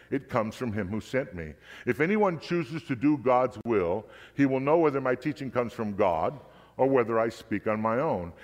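A man voicing a calm, authoritative teacher in a scripture reading, measured and earnest. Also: medium pitch, natural voice. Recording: long hall reverb.

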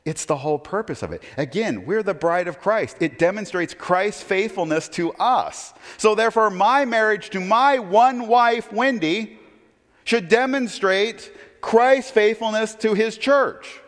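A man's voice: high voice, measured pace, a bit bright. Middle-aged man, pastor, conversational sermon full of rhetorical questions, reverberant church hall sound. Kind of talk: expository sermon.

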